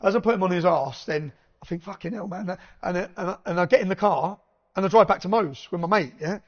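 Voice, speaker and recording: A man telling an animated anecdote in casual chat, swearing freely and laughing between lines. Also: high voice, quick pace. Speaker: podcast guest. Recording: dull lo-fi recording.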